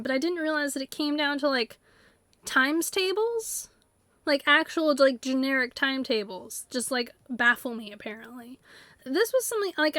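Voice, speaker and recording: High-voiced rambling woman streamer. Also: fairly bright tone, no room sound. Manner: rambling, filler-heavy, bursts into silly character voices. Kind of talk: casual chat while live-streaming a game. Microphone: desktop USB mic.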